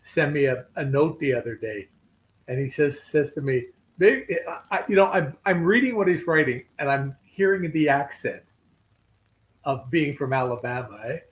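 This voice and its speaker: A man's voice: fairly high pitch, lively intonation, normal speed, rough recording. An older man from Canada, a fishing guest telling rambling, joking stories in casual chat.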